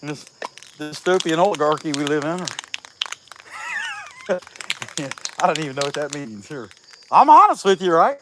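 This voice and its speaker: A middle-aged man talks easily to his stream audience as he works, reading their comments aloud. His voice sits a bit high for a man and sounds sniffly from a cold. Faint crickets and insects carry in from outdoors. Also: very animated, fast, noisy background. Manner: laid-back, chatty, reads viewer comments aloud. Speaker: chainsaw carver streaming live. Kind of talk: casual livestream chat while working.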